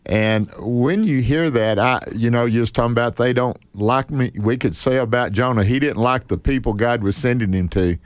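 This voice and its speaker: A man's voice: medium pitch, no echo. Folksy older male radio host. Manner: folksy, unhurried, preacherly; repeats words as he restarts. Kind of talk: casual chat.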